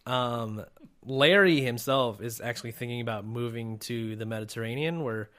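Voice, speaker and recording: A man co-hosting a casual podcast in a relaxed, joking way that trails off quietly. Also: medium pitch, normal speed. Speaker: podcast co-host. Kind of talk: casual chat.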